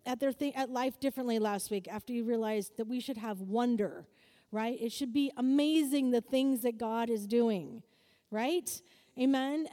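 A married woman giving a lively sermon-style lesson, asking her listeners for answers and acting out quoted voices. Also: sits high. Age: adult, married. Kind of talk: sermon-style teaching to a group. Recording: long hall reverb.

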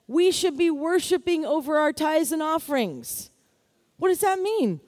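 A middle-aged woman preaching a sermon in a lively, exclaiming way, often asking for amens. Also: high-pitched, unhurried. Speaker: pastor.

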